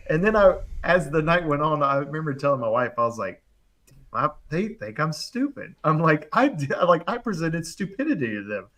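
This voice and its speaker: A man telling a long story in casual chat, animated and quick, full of fillers and acted-out quotes. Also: fairly high pitch. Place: live online show, remote.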